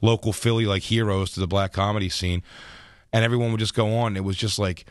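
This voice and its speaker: A man who is a comedian, telling profane, animated stories as a radio studio guest. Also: lowish voice, fast talker, smooth, no room sound. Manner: profane, animated anecdotes with laughs. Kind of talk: radio interview storytelling. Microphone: studio microphone.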